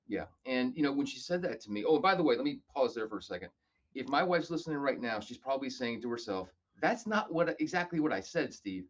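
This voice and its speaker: A man telling stories casually as a podcast guest, animated and acting out other people's lines. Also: medium pitch, fast, muffled recording. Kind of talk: casual storytelling.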